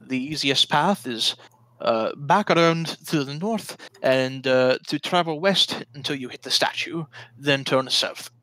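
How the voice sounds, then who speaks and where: A man's voice: a little high, measured pace, sharp tone, no room sound, low-quality recording. A man voicing a scheming male wizard who speaks politely and condescendingly, in a tabletop game. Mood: guarded.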